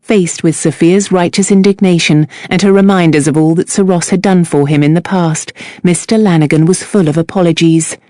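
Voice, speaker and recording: Woman audiobook narrator, lowish voice, measured reading, very dry close recording. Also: steady tone, dark tone, no echo. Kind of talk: scripted narration.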